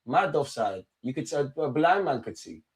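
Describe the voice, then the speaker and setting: A man's voice: fairly high pitch, very animated, normal speed, husky. A young man giving live, slang-filled commentary as a football fan hosting a match watchalong, repeating his phrases over and over.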